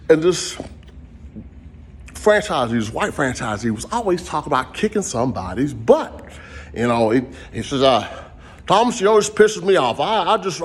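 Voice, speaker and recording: A husky-voiced man talks through a long story in a loose, rambling way. His voice sits mid-range with a breathy, rough edge. He acts out his own lines with animation as he goes. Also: medium pitch. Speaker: vlogger telling a personal story. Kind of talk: casual storytelling monologue.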